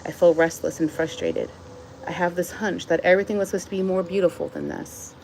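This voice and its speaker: A woman's voice: lowish voice, steady tone, a little fast, darkish tone, slight background noise, close to an everyday voice, low-quality recording. A woman voicing a restless captive female cheetah in a storybook, speaking in a sighing, wistful way.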